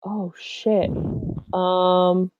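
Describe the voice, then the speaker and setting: A woman's voice: lowish voice, little pitch movement, very slow, muffled recording, noisy background. A woman playing a tabletop game in casual chat, hesitant, with many ums and cheerful swearing. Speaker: player.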